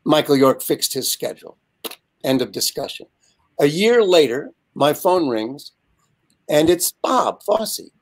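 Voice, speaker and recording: Older guy in his 70s telling a story on a video call, bit high voice, animated. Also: measured pace. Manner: lively, animated storyteller with frequent asides. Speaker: guest. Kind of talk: casual anecdote storytelling.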